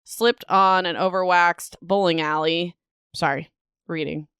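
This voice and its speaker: A woman's voice: on the low side, steady tone, a little slow, fairly bright tone, clear, resonant tone, dry recording, clean studio sound. A woman hosting a casual book podcast. She sounds bubbly and self-mocking, and often stumbles over words while reading aloud. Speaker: podcast host.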